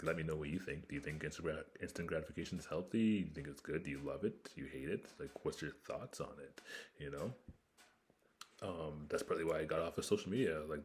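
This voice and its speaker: A man's voice: rumbling low, slight background noise. A man from northern Ontario hosting his own podcast, talking casually and candidly in a rambling way with lots of fillers. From northern Ontario, Canada. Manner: rambling and candid, many fillers, laughs between thoughts. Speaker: podcast host. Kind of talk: casual solo podcast monologue. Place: home room with a fire crackling behind.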